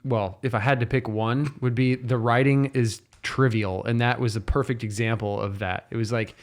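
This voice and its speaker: Man, thirties, middle pitch, animated and laughing, casual podcast chat. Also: normal speed. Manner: animated, laughing, lots of restarts. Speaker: podcast guest.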